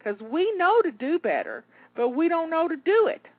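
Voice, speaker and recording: A woman's voice: very high-pitched, big pitch swings, moderate pace, no room sound. Upbeat woman coaching, phone-line sound. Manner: encouraging, pep-talk cheerleading with repeated rallying phrases. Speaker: host, cleaning coach. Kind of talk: live coaching through timed cleaning tasks. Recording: phone-like narrow dry sound.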